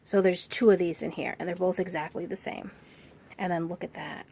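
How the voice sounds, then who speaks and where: A woman's voice: on the low side, fairly even intonation, brisk, vocal fry, warm tone, a little hiss or hum. A woman walking through a handmade journal she made, gushing over each page with many fillers and restarts, her voice a little worn. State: slightly losing her voice. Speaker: crafter showing a handmade journal. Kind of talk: casual show-and-tell walkthrough.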